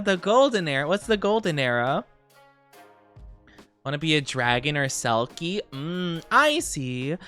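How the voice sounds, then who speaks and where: A woman's voice: sits low, sing-song, measured pace, a bit bright, faint music behind. A woman VTuber chatting casually on a livestream, rambling and giggly with lots of fillers. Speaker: VTuber streamer.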